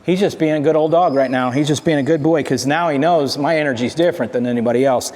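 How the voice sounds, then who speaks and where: A man working as a dog trainer, explaining calm greetings in a plainspoken way while he talks to a dog. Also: a little high, fast, big-room sound. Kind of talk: casual instruction to camera.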